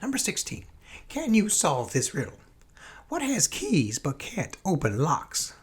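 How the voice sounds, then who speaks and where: A man playing a folksy Southern man with a Southern US accent, who answers silly interview questions in a rambling, goofy way with a husky voice. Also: wildly swooping pitch, measured pace, heavily acted. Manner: rambling, goofy, sudden jumps in pitch. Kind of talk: comedic mock interview.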